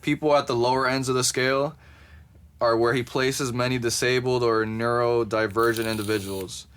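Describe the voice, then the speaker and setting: A man's voice: mid-range voice, steady tone, moderate pace, a bit bright, clean tone. A man co-hosting a podcast in casual chat, cursing freely and reading quotes aloud with a laid-back, amused delivery. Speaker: podcast co-host.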